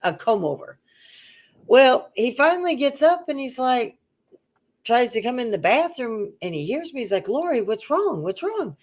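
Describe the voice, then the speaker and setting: With a voice on the high side and a moderate pace, a middle-aged female co-host tells a long story about her own experiences in casual chat. She's a lively storyteller who acts out each quoted voice.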